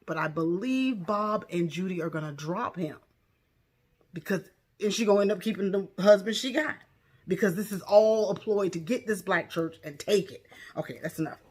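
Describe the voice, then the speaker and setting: A woman casually recapping a TV episode, outspoken and animated, breaking into loud exclamations. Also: mid-range voice. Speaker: TV show recap vlogger.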